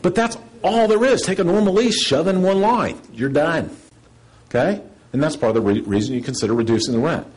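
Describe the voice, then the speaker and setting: A man giving a seminar lecture, blunt and sarcastic, acting out quoted questions in a higher voice. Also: lively intonation, fairly quick, a little mellow, husky, poor audio.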